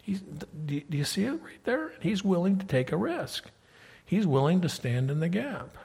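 A man preaching a sermon, telling a Bible story in a conversational way and reading scripture aloud with loud, emphatic peaks. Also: high-pitched, big pitch swings, normal speed, vocal fry, slightly rough, long reverb tail.

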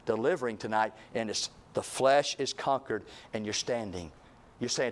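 A man preaching a revival sermon, repeating phrases and swinging from booming calls to hushed, low lines. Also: moderate pace.

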